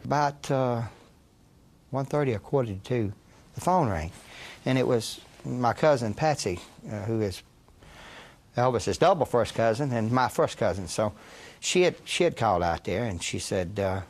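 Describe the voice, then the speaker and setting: A man's voice: mid-range voice, lively intonation, moderate pace. An older man recalling events in a documentary interview, hesitant and full of small asides. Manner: hesitant, many fillers and trailing asides.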